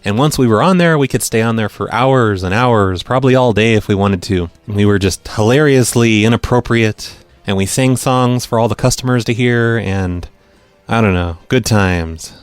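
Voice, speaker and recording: A man's voice: on the low side, normal speed, dry recording. Rambling, dry-witted male show host. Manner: rambling, self-deprecating, dry asides. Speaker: host of a prank call show. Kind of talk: casual radio-style chat.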